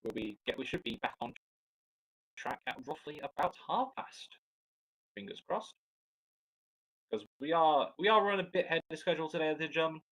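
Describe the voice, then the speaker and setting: A man's voice: on the high side, animated, fairly quick, long pauses, a bit bright, poor audio. Chatty Scottish man commentating live. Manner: chatty, joking, rambling with restarts. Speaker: air show commentator.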